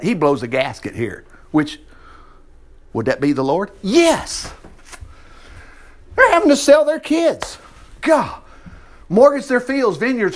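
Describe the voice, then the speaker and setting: Preacher guy, real animated, voice jumps all over, jokes between bible verses. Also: high-pitched. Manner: animated, folksy asides, acting out voices. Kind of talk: sermon, reading scripture with commentary.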